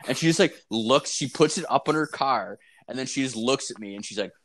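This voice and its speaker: Profane, animated young man telling stories. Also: mid-range voice, a little fast. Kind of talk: casual storytelling chat.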